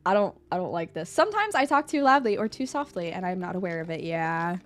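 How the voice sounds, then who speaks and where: A young woman streaming live, chatting casually with her chat and answering a quiz about herself, animated and at times breaking into loud high squeals. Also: fast talker. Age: young adult. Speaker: VTuber streamer.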